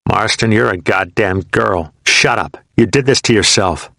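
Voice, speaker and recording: A hard-bitten young Marine, as a man reads him, barking curt, scornful words in a low, gravelly voice. The read is close and dry, with little of the room heard. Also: a little slow, pushed and bright, dry recording, exaggerated voice. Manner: gruff, curt and contemptuous. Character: hardened young male Marine, callous and scornful.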